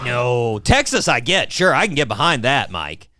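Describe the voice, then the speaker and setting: A man's voice: medium pitch, very animated, normal speed, background noise. A male podcast host, chatting casually in a wry, sarcastic way and often addressing his co-host. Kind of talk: casual chat.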